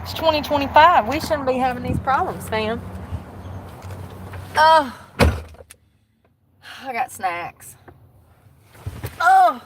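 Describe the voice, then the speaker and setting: A woman's voice: high voice, expressive, slow pace, pauses often, noisy background. A woman live-streaming from her parked truck on her phone. She chats casually with her viewers, laughs often and greets them by name.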